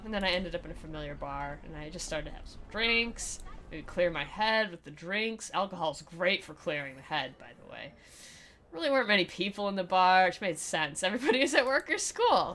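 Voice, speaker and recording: A woman's voice: lowish voice, expressive, a little fast, a bit bright, slight background noise. A young woman streaming a dramatic reading of a visual novel, mixing narration with sarcastic jokes and replies to chat. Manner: sarcastic, joking running commentary.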